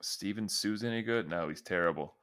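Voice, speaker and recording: A man's voice: deep voice, a little fast, fairly bright tone. A man co-hosting a casual sports podcast, joking and rambling, often trailing off mid-thought. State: married. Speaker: podcast co-host.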